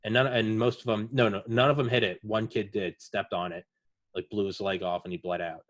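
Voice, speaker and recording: A man's voice: lowish voice, fairly even intonation, brisk, no echo. A man hosting a casual podcast chat, retelling veterans' war stories in a rambling way with lots of fillers. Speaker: podcast host.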